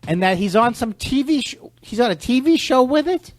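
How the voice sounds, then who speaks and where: Sarcastic rambling comedian. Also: male voice, extremely high pitch, lively intonation, fairly quick, crowd noise. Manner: sarcastic, rambling riffs, mock impressions. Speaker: comedian guest. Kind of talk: casual comedy chat. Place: podcast studio.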